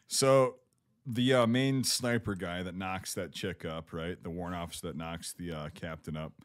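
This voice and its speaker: A man co-hosting a casual podcast, who talks in an animated, mocking way and swears often. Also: low-pitched, moderate pace.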